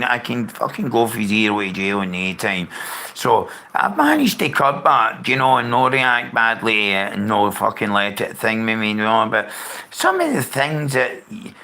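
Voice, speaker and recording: A man's voice: lowish voice, lively intonation, normal speed, gravelly, pushed and bright. A man talking casually on a live stream, rambling, swearing often and greeting viewers by name. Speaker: livestreamer. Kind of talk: casual unscripted live chat.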